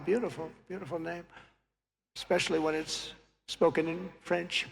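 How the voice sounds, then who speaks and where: A man's voice: sits high, steady tone, normal speed, creaky. An older man giving a rambling, boastful rally speech and slipping into mock voices. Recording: echoey hall, faint noise.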